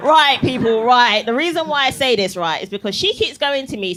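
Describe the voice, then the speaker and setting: A woman's voice: a little high, big pitch swings, normal speed, few pauses, bright, forceful tone. A young woman doing a chatty, punchy stand-up set on a comedy club stage, tagging jokes with "yeah?" and laughing at her own lines. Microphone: handheld stage mic.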